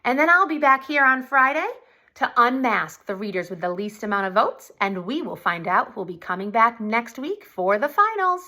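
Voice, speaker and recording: A woman's voice: a little high, lively intonation, moderate pace, sharp tone. A woman host wrapping up a reading contest and speaking directly to viewers in an upbeat way. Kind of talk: cheerful announcement.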